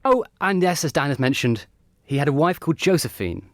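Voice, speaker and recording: A man's voice: fairly high pitch, very animated, brisk, no room sound, studio quality. A man hosting a history discussion, asking playful questions in a casual chat. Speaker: host.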